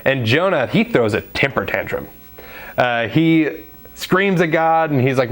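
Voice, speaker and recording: A man's voice: medium pitch, lively intonation, measured pace, a bit bright. A man giving a daily devotional sermon in a conversational way, with fillers, acting out quoted voices now and then. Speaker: preacher.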